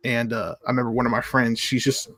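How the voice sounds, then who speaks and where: Man, guest fan, relaxed, mid pitch, casual recollection. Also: fast. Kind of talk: casual sports chat.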